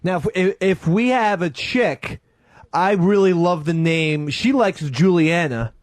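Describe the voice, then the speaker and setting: Earnest guy on the radio, kinda halting, a bit high-voiced, dry close mic. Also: dry recording. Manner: hesitant, with restarts, keen and earnest. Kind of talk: casual talk radio banter.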